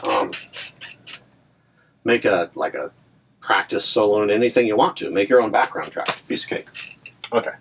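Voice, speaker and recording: A man's voice: fairly low pitch, a bit bright, a little hiss or hum. A man teaching ukulele in a casual, chatty way, talking through examples with fillers and asides. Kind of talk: casual instructional talk. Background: ukulele playing between phrases.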